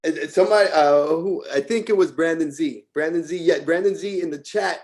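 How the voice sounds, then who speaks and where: A man's voice: a little high, fairly quick, darkish tone. A man hosting an interview, asking questions in a friendly way with restarts. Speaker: host.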